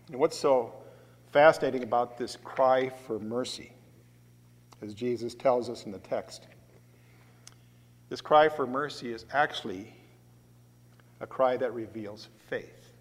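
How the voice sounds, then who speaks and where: A man preaching a sermon as a pastor, deliberate and emphatic, swelling loud on key words, in a church. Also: mid-range voice. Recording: long reverb of a large hall.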